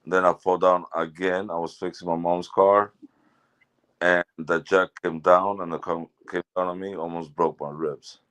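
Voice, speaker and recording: A man's voice: low-pitched, level tone, normal speed, a bit bright, clean tone. A man joining a sports livestream as a guest, chatting casually and apologizing for his language. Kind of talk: casual call-in chat.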